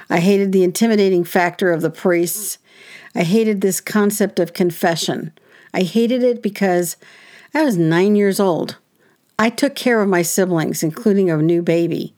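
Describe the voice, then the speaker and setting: A woman's voice: lowish voice, a little mellow. An indignant woman recounts a childhood memory in easy conversational storytelling. She speaks animatedly, with wry asides and little laughs, and acts out what others said. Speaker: guest telling a personal story.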